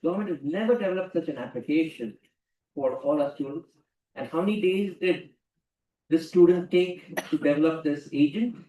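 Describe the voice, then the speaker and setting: A man's voice: on the high side, mellow. Emphatic man lecturing in a roomy hall. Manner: emphatic, repeats key phrases. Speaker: guest lecturer. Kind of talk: lecture to students. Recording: roomy hall, distant mic.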